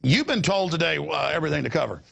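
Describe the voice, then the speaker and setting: A middle-aged man hosting a talk show, rambling in an animated way and repeating his words, with a gravelly voice. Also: quick pace, lo-fi sound. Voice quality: gravelly, husky voice. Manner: excitable, repeats words, jumps between pitches.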